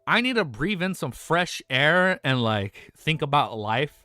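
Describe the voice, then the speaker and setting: A young man streaming live and chatting casually with his viewers. He rambles excitedly, swears, laughs often and says he is overwhelmed and lightheaded. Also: on the high side, measured pace, dry recording. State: overexcited and lightheaded. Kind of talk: excited casual livestream chat.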